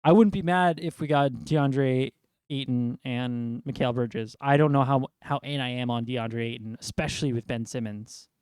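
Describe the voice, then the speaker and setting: Young man from New York, exasperated rambling sports rant, mid-pitched voice, close and dry. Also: moderate pace, a little mellow, smooth, no room sound. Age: young adult. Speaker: sports fan vlogger. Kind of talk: ranting sports commentary.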